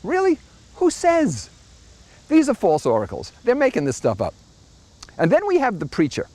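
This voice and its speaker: A man's voice: a little high, wildly swooping pitch, fairly quick, mellow. A middle-aged man hosting a monthly opinion commentary, delivering a sardonic, mocking monologue. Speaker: host.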